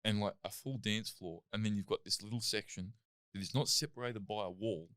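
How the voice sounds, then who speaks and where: A man's voice: on the low side, a little fast, clean tone. Chatty Australian man telling stories. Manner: animated, lots of "like" and "I'm like". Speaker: guest, athlete and comedian. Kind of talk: casual interview storytelling.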